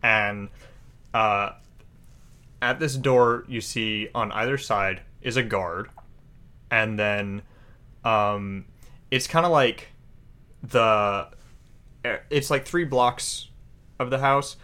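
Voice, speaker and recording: A man running a tabletop game, describing the scene in a casual, halting way. His voice is fairly low and bright, with a crisp, forward edge. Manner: casual, hesitant with fillers. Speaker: game master.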